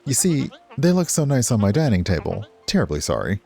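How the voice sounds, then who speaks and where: A man's voice: fairly low pitch, wildly swooping pitch, brisk, gravelly, dark tone, faint music behind, voice pushed up, exaggerated voice. A man voicing an elderly, courteous male town mayor in a cosy video game, with old-fashioned politeness. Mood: genteel.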